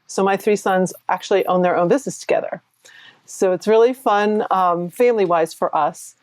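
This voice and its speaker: A woman in her sixties tells her story as an interview guest, chatty and animated. She quotes others in lively voices and laughs often. Her voice sits at a middle pitch, recorded close and dry with no room sound. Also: moderate pace, dry recording. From New Hampshire, USA. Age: 60s. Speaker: guest, performance coach.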